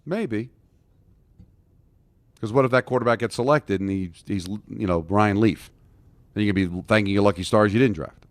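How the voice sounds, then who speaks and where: A man's voice: lowish voice, normal speed, long pauses, no echo. A man co-hosting sports radio with dry, understated remarks and live ad reads. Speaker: radio co-host.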